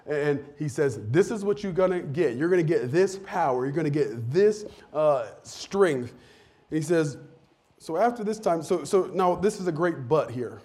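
A man's voice: a little high, expressive, moderate pace, mellow. A man preaching a sermon in a chatty way, often laughing and acting out quotes. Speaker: pastor.

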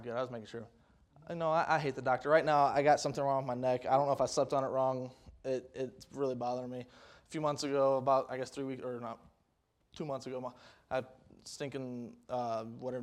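A young man preaching a folksy sermon, rambling with restarts and rising to loud, emphatic peaks. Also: medium pitch, flat delivery, quick pace.

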